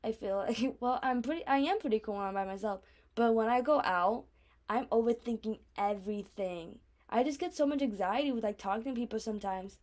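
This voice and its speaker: A woman's voice: a little high, a little fast, a little mellow. A teenage girl talking casually to her audience, rambling with lots of filler words. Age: teens. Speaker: vlogger. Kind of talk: casual chat.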